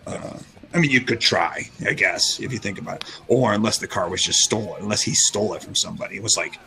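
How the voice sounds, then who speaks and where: A man's voice: on the low side, a little fast, vocal fry, faint music behind, low-quality recording. A middle-aged man hosting a radio talk show, telling a story casually and acting out the quoted lines. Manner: animated storyteller, acts out quotes.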